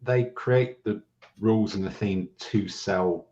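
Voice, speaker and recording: A man from Britain, a podcast guest telling relaxed anecdotes in a lowish voice. He comes through a dull, lo-fi remote line with a faint hiss behind him. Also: slow. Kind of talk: casual podcast chat, remote.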